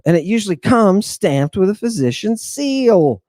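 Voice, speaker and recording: A man hosting an animated lecture on word meanings, talking emphatically in an excitable, jokey, irreverent way. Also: sits high, a little slow, no echo. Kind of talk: animated lecture to an online audience.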